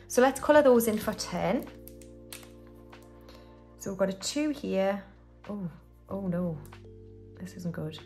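A woman's voice: medium pitch, slow, long pauses, darkish tone, faint music behind. A woman from the UK hosting a budgeting video, chatting casually as she counts money aloud and talks herself through each step. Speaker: budgeting channel host. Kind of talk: casual cash-stuffing commentary.

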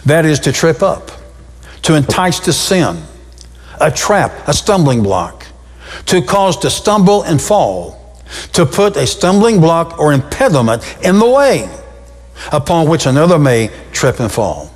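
Animated preaching man in a reverberant church hall. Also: unhurried. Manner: preaching with sudden swings in pitch and pace. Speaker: pastor. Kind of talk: sermon. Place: church sanctuary.

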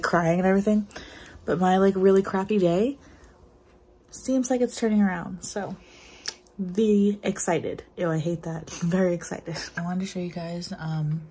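A woman's voice: fairly low pitch, mellow, slightly rough, rough recording. A young woman in her twenties chatting casually in a home vlog, bubbly and rambling with lots of fillers. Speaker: vlogger. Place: at home, indoors.

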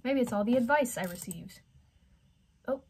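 A woman's voice: on the high side, animated, moderate pace, darkish tone, husky. A woman playing a video game, reading its text aloud with drama and breaking off with surprised exclamations. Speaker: gamer.

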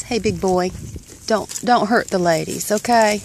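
Woman vlogger, slow sing-song baby talk to animals, recorded outdoors with heavy ambient noise. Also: medium pitch. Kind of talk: casual vlog, talking to farm animals. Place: outdoors on a rural farm.

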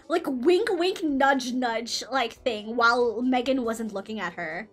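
A woman's voice: high-pitched, measured pace, fairly bright tone, soft background music. A woman VTuber from the Philippines telling a rambling, swearing story with lots of fillers and self-corrections. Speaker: VTuber streamer. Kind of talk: casual storytelling.

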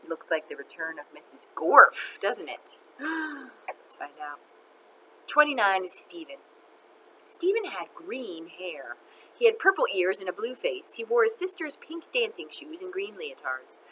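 A woman reading a children's book aloud in an expressive, animated way. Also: on the low side, normal speed, slight background noise, poor audio. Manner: expressive, animated, laughs between lines. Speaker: storyteller.

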